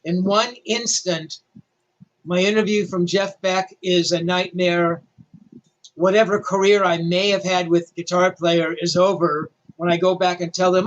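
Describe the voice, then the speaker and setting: A man's voice: high-pitched, steady tone, a little slow, muffled recording. Older man telling a story, self-deprecating. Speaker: rock journalist. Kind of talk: storytelling interview.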